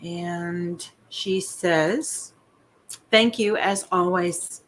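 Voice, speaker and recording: A woman's voice: lowish voice, steady tone, extremely slow, a bit bright, a little hiss or hum. A woman hosting a casual live stream, chatting and reading out viewers' questions. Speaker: host.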